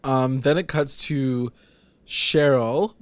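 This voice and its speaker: A man co-hosting a casual podcast recap, talking fast and animated, swearing and acting out characters' lines. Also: mid-range voice, dry recording. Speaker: podcast co-host.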